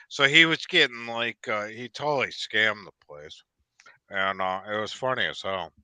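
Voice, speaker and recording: A man's voice: lowish voice, moderate pace, bright, forceful tone, smooth, dry recording. A man casually chatting on a live stream, telling long rambling stories with many restarts. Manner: rambling storyteller, frequent restarts. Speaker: host. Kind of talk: casual chat.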